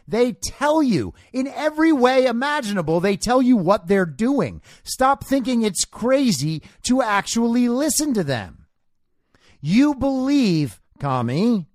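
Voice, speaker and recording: Combative man with a lively, high-pitched voice. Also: no room sound, clean studio sound. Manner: combative, sarcastic, lecturing. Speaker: podcast host. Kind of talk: political commentary monologue.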